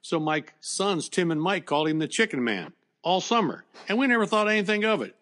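A man's voice: high voice, sing-song, brisk, fairly bright tone. Plainspoken older man telling a story. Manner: plainspoken, conversational, many fillers and restarts. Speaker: former baseball coach, guest. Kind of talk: emotional storytelling in a podcast interview.

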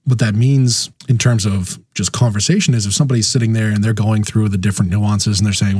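A man's voice: fairly low pitch, steady tone, fast, few pauses, darkish tone, husky, no room sound. A man talking casually about politics, acting out quoted people with big jumps in his voice.

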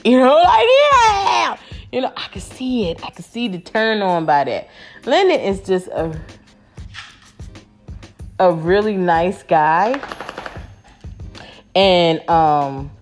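A woman's voice: fairly low pitch, expressive, slow, long pauses, a little mellow, soft background music. A woman chatting casually to her viewers, rambling with lots of fillers and restarts and calling them y'all. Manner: talks to her audience as y'all. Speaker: vlogger recapping a reality show.

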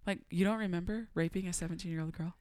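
A young adult woman on a podcast telling a personal story in a casual, animated way. She laughs often and acts out the dialogue she quotes. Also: lowish voice, fast talker, a crowd in the background. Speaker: podcast guest.

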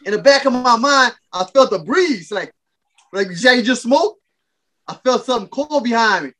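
A man hosting a casual podcast, telling a rowdy story with loud animated bursts and laughter. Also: very high voice, moderate pace. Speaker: podcast host.

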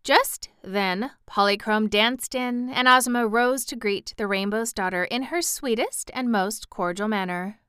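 Clear, bright woman reading a storybook. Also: a little high, measured pace, hardly any pauses, no echo, clean studio sound. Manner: even, expressive storytelling. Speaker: audiobook narrator. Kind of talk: scripted storybook narration.

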